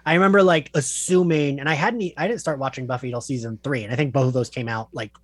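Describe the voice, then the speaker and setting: A man's voice: mid-range voice, fast, no room sound. Wry man, dry close sound. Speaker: podcast co-host. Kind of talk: casual movie chat.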